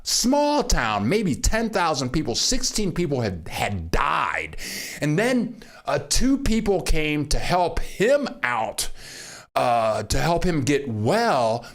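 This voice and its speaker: An older man hosting a casual livestream from Mexico, greeting viewers by name and getting excited over their messages. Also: fairly high pitch, takes it slowly. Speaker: livestream host. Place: home in Mexico.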